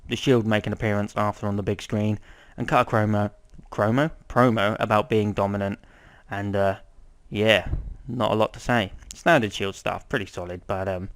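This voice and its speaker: Low-voiced young man reviewing wrestling. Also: steady tone, moderate pace, smooth. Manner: rambling, swears often, many ums. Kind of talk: casual spoken review.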